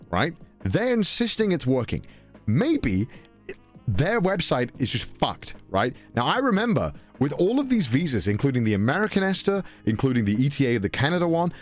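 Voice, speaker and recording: A young British man tells a travel anecdote in a casual, animated way. His pitch swings widely, jumping into high squeaks when he acts out his own panic, and he swears freely. Faint music plays underneath. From Britain. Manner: swearing, mimics voices, high-pitched exclamations. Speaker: podcast storyteller.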